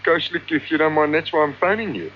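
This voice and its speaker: A man's voice: on the high side, fast, a little hiss or hum. Stammering South African man on a prank call. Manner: hesitant, stammering, eager. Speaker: prank caller. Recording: dull lo-fi taped radio broadcast.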